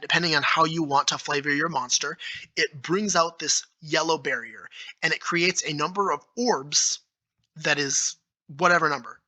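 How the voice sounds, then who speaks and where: A man talking solo as a video creator, explaining his own tabletop game rules with eager enthusiasm, thinking out loud with fillers and restarts. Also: a little high, poor audio. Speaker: YouTube creator.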